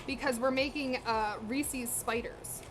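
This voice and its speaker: Speaking a little slowly, a young woman uses a high-pitched, steady voice, with background noise around her. She's cooking on a live stream in her home kitchen, chatty and slangy, talking straight to her chat and sounding a little out of breath.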